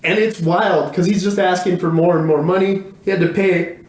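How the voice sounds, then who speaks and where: A man's voice: high-pitched, fairly even intonation, moderate pace, reverberant. A man co-hosting a podcast, telling a story in profane, rambling casual chat. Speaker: podcast co-host.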